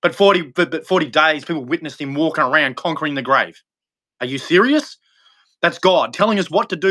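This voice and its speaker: A man hosting a livestream, delivering a rambling, impassioned religious monologue with sudden jumps in pitch. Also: lively intonation, fairly quick, sharp tone. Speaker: livestream host.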